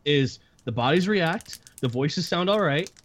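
A man's voice: a little high, lively intonation, measured pace. A man co-hosting a casual gaming chat, rambling with many restarts and fillers. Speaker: podcast co-host.

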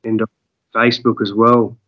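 Relaxed Australian guide on a lo-fi line. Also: male voice, on the low side, normal speed. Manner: relaxed, hesitant, many fillers. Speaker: fishing guide, guest. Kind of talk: casual podcast interview.

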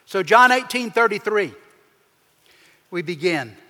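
Guy preaching a sermon, pretty high voice, lots of hall echo, acts out the quotes. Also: expressive, a little slow, pushed and bright. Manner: preaching with emphatic shifts, acting out quoted voices. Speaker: pastor. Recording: long hall reverb.

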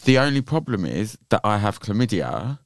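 A low-voiced man chats casually as a podcast co-host, his pitch swinging widely as he giggles through gossipy stories. The sound is dry and close. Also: big pitch swings, moderate pace, no room sound. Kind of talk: casual chat.

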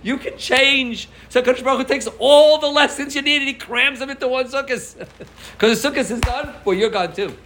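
A man, a rabbi, giving an informal sermon to his congregation, telling stories with loud emphasis and soft asides. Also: very high voice, a little fast, low-quality recording. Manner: animated storytelling, swings between loud emphasis and soft asides. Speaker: rabbi giving a farbrengen talk.

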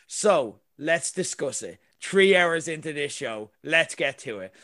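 A man's voice: high-pitched, fairly bright tone. A man co-hosting a podcast, rambling and giggling through a casual story. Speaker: podcast co-host. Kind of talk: casual chat. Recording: echoey room, distant mic.

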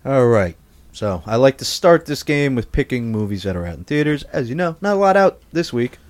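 A man hosting a casual podcast, trading crude, loud jokes with his friends. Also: medium pitch, sing-song, a little fast. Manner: loud, brash, laughing. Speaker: podcast host.

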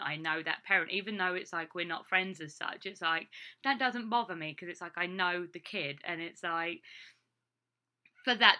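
A young English woman, a teacher living abroad, chats casually in a vlog, rambling with lots of fillers. Her voice sits on the low side and sounds pushed and bright.

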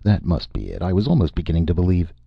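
A man's voice: low-pitched, big pitch swings, fast, creaky, breathy edge, no room sound, dull audio, heavily acted. A man voicing a brusque man who drinks whiskey and gets rattled, in an audiobook reading. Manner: cold then shaky.

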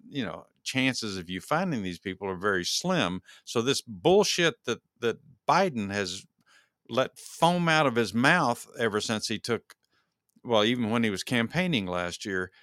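A man's voice: medium pitch, a bit bright, no room sound, studio quality. A man hosting his own podcast, giving solo political commentary in a heated, ranting way and repeating words as he works himself up. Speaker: podcast host.

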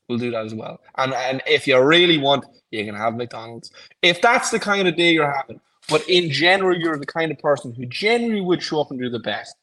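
A man's voice: a little high, animated, fairly quick, fairly bright tone, rough recording. A man co-hosting a podcast in casual chat, encouraging and thinking aloud as he talks. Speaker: podcast co-host.

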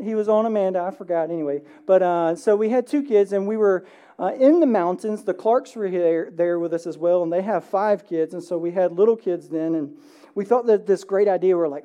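Man, 30s, pastor, church sermon, mellow tone, chatty storytelling. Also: sits high. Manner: conversational storytelling, frequent "right?" tags. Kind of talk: Easter sermon. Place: church sanctuary.

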